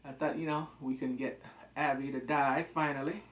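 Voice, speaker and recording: A man's voice: mid-range voice, fairly even intonation, normal speed, a bit bright, a little hiss or hum. A man reviewing a TV episode in a casual, rambling, jokey recap chat. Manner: rambling, jokey, acts out quotes. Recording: roomy echo.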